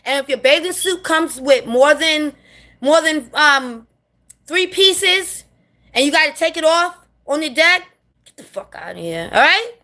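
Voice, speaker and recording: A woman's voice: sits high, expressive, unhurried, bright, forceful tone. A woman from New City, ranting bluntly and sassily to camera in a casual monologue, swearing freely. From New York City. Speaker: vlogger.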